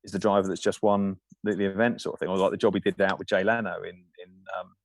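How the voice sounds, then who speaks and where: A man's voice: low-pitched, little pitch movement, fast. A man, a film safety supervisor, talking as a podcast guest in loose, rambling anecdotes with many fillers. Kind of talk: casual podcast interview.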